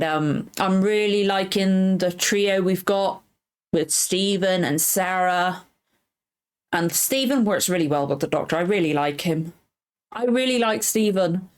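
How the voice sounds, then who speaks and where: Rambling, tearful woman recapping. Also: on the low side. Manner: rambling, self-correcting, emotional. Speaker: reaction channel host. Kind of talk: casual recap chat.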